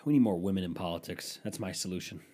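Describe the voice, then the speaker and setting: A man's voice: low voice, fast talker. Stuffy-nosed man on a swearing comedy rant. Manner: swearing, ranting, swings between loud and muttered. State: stuffy nose. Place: room at home with a dehumidifier running.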